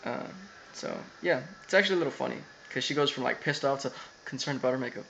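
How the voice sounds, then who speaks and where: A man's voice: medium pitch, quick pace, gravelly, fairly bright tone, lo-fi sound, a little hiss or hum. Rambling young man recapping an episode. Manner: rambling with many fillers and quoted asides. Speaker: anime episode reviewer.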